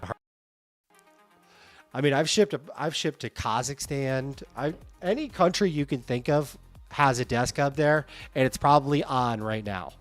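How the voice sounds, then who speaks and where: A man hosting a livestream, chatting casually and candidly, reading viewer comments aloud. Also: medium pitch. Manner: candid, animated, reads chat comments aloud. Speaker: livestream host.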